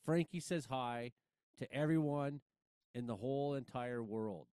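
A man's voice: medium pitch, a little slow, darkish tone, smooth, no room sound. A man hosting a show, chatty and self-deprecating, introducing a guest's videos. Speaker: show host. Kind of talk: casual show banter.

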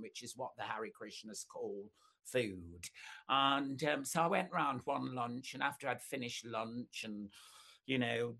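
Older woman, chatty interview guest, rambling camp anecdotes. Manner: rambling storyteller, many fillers, camp asides, pitch leaps up when excited. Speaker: singer being interviewed.

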